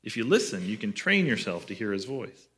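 Guy preaching a sermon, bright clear voice, chatty, keeps asking the congregation stuff. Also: on the low side, sing-song, brisk. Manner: conversational preaching, asks listeners questions. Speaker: pastor.

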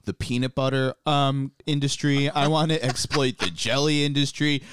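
A man's voice: mid-range voice, steady tone, normal speed, a bit bright, clear, resonant tone, no echo, studio quality. A man chatting casually as a podcast co-host, rambling into tangents and swearing now and then.

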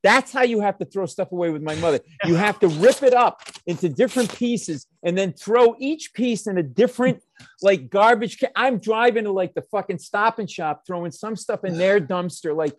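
A man telling rambling comic stories in casual chat, swearing freely and getting animated. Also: high-pitched, normal speed, slight background noise. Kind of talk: casual chat, comedic storytelling.

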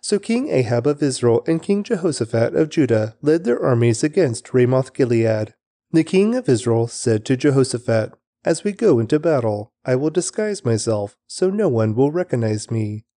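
A man reads scripture aloud in a lively, rising and falling delivery, with a mellow, darker tone to his voice. The sound is dry and close, with no room around it. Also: medium pitch, moderate pace, no room sound. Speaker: Bible reader.

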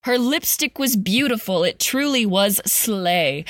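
A woman's voice: mid-range voice, lively intonation, measured pace, a bit bright, dry recording, studio quality. A woman co-hosting a podcast, reciting a comic holiday poem and chatting, often breaking into giggles. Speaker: podcast co-host.

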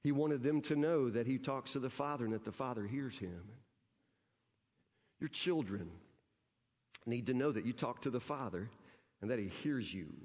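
A man's voice: medium pitch, moderate pace, pauses often, darkish tone. A man preaching a sermon as pastor in a church, emphatic and conversational, often repeating words as he presses a point. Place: church sanctuary. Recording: long hall reverb.

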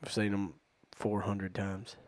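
A man with a lowish, darkish voice hosts a podcast, speaking slowly with a flat delivery and no echo. Joking and chatty, he tells stories in a casual conversation with friends.

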